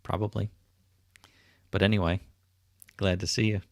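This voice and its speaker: A man's voice: deep voice, flat delivery, moderate pace, no echo, clean studio sound. A middle-aged man hosting a casual livestream, chatting easily and greeting viewers by name as he reads their comments. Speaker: livestream host. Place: home, indoors. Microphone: webcam setup.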